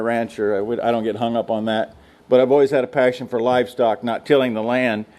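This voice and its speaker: A man's voice: medium pitch, a little mellow. A middle-aged man from the United States speaking to students, a folksy storyteller joking about ranch life. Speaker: guest speaker. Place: lecture room.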